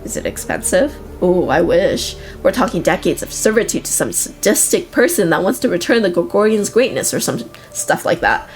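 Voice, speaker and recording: A woman's voice: lowish voice, very animated, moderate pace, few pauses, soft background music. A woman voicing a tiny, smug red male devil in a video game, chatty and self-serving, who complains at length. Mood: complaining.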